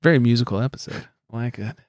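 A man's voice: medium pitch, fast talker, no room sound. A man hosting a casual podcast, reading out a countdown list in a loose, joking, foul-mouthed way. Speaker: podcast host.

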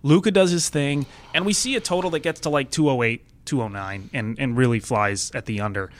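A man's voice: medium pitch, fairly quick. A man hosting a podcast, chatting casually about game picks and thinking aloud with frequent restarts. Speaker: podcast host. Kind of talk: casual sports betting chat.

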